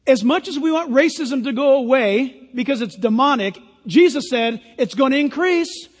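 A man's voice: very high voice, lively intonation, moderate pace, in a large hall. A man preaching a sermon as pastor, emphatic with sarcastic asides.

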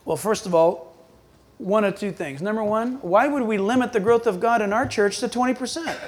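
A man preaching a sermon, swinging between loud, quick bursts and hushed, low asides. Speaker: pastor.

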